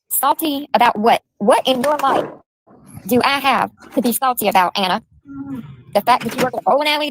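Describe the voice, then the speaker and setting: A woman's voice: on the high side, dry recording, poor audio. Foul-mouthed woman, dry close sound. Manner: crude, taunting, profane. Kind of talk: ranting callout.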